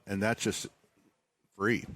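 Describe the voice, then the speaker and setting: A man's voice: on the low side, level tone, slow, a bit bright. A man who runs a garden center, chatting casually and joking about himself on a live radio show. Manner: joking, rambling, self-mocking.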